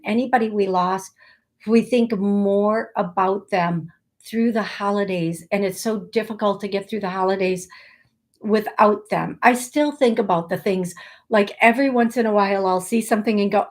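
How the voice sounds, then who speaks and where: A woman hosting an online psychic medium show, speaking gently and consolingly in rushes with many restarts, over a video call. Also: mid-range voice. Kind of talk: live online show, relaying messages.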